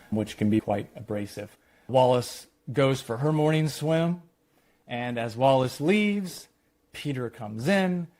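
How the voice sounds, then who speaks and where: A man, a screenwriter, walking through a screenplay treatment in a lively retelling that quotes the characters. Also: mid-range voice. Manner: animated retelling, quoting characters.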